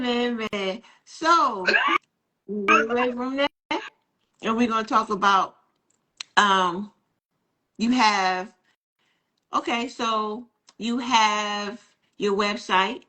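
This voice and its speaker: A woman hosting a casual interview, talking slowly and laughing often. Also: mid-range voice, poor audio. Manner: slow, relaxed, laughs often and gives short backchannel replies. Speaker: podcast host.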